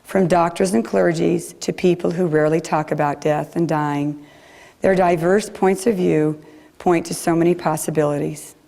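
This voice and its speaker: Brief: woman preacher, gentle and reflective, low voice with a mellow tone. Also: steady tone, moderate pace, gravelly. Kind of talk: sermon. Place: chapel.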